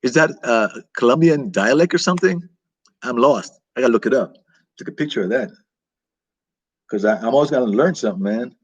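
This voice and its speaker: A man's voice: medium pitch, expressive, fairly quick, long pauses, breathy edge, no room sound. A man hosting a casual live-stream chat, rambling and reacting aloud to viewer comments. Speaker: vlog host reading live chat.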